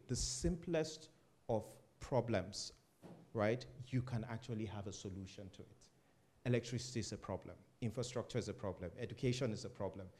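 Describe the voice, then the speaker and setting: A man from Africa, a startup founder, speaking casually on a panel and acting out loud conversations with a laugh. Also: lowish voice. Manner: animated, acts out loud phone talk with laughter.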